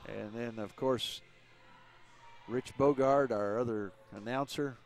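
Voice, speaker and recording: A man's voice: medium pitch, steady tone, slow pace. A man calling a women's college basketball game, chatting easily as play-by-play announcer. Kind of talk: sports commentary.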